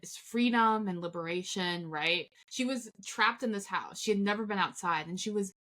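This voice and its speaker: Podcast co-host, woman, mid-pitched, casual and lively, quick to laugh. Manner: chatty, laughs often, acts out quotes. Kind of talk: casual film review chat.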